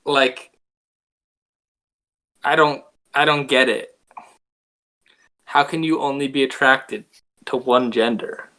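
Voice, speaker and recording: A man giving a rambling deadpan comedy monologue, halting and full of restarts. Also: medium pitch. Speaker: comedy video creator.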